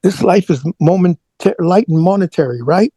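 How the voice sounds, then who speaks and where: Middle-aged male interview guest, raspy and gravelly, halting and repetitive storyteller, dry close sound. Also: high voice, expressive, dark tone, no echo, low-quality recording. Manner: halting, repeats words, prays aloud in retelling. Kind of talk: emotional personal storytelling.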